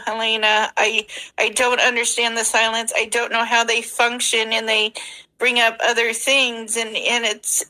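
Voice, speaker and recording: A woman caller speaks slowly on a narrow, bright pitch, indignant yet measured. She turns her words into a spoken prayer. Her delivery stays flat and deliberate. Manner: slow, even, indignant, prays aloud. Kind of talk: spoken prayer and political talk.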